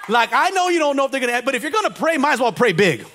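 A man preaching a sermon to his church congregation, folksy and joking, who swings from quiet asides to loud shouted preaching and calls on the crowd to answer back. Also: very high voice, big pitch swings, very fast. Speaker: pastor.

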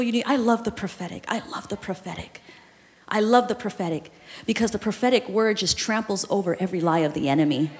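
A woman pastor delivers an impassioned sermon, dropping to a hush and then rising to shouts. Her voice sits high. The church sanctuary adds a long, ringing reverb. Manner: impassioned, swings from hushed to shouting.

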